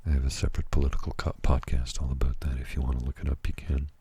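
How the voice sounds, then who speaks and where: A tired man from Canada, talking slowly and haltingly at home at night in a soft ASMR manner, with many fillers and restarts. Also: very deep voice, little pitch movement, slightly rough. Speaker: ASMR channel host. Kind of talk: soft-spoken ASMR personal talk.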